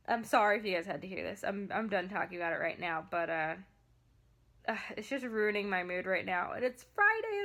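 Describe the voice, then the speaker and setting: A woman's voice: mid-range voice, big pitch swings, fairly quick, a bit bright. A young woman venting in a vlog about her photography work, emphatic and upset, with many fillers and restarts. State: upset, near tears. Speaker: vlogger and photographer. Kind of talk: ranting vlog to camera.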